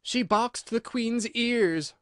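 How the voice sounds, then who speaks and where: A man voicing a timid, anxious white rabbit who speaks in a hushed, hurried way. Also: very high-pitched, no echo, studio quality, pitched above the performer's own voice, full character voice.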